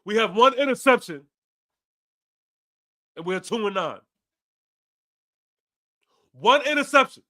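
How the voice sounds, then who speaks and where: A man with a very high, sharp, bright voice rants on a live fan stream. He curses freely and hammers the same lines over and over, fired up and relentless. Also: expressive, slow, long pauses. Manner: profane, repetitive, fired-up ranting. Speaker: fan podcast host. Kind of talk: ranting live post-game stream.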